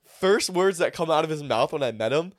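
A man's voice: fairly high pitch, expressive, a little fast, no echo, clean studio sound. A young man co-hosting a podcast in casual chat, laid-back and full of slang and swearing. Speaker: podcast co-host.

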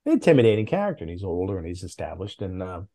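Animated middle-aged man spinning anecdotes. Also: rapid-fire. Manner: animated anecdotes, with big jumps in pitch. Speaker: guest, former comics editor. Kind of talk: casual podcast storytelling.

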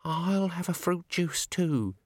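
A man's voice: a little high, sing-song, normal speed, dry recording, pitched above the performer's own voice. A man voicing a nervous young female dwarf watch officer in an audiobook, with a timid, quavering manner. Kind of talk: audiobook character voice. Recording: dry close studio sound.

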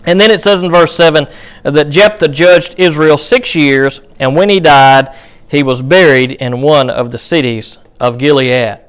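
A man's voice: on the high side, measured pace, smooth. A man teaching a Bible study class in a conversational way, with many fillers and restarts. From United States.

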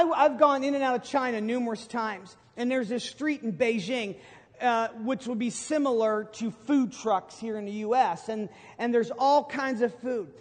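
High-voiced middle-aged preacher in a reverberant hall. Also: male voice, a little slow. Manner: emphatic, storytelling preacher with sudden loud bursts. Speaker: pastor. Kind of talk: sermon. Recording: long hall reverb from a sanctuary.

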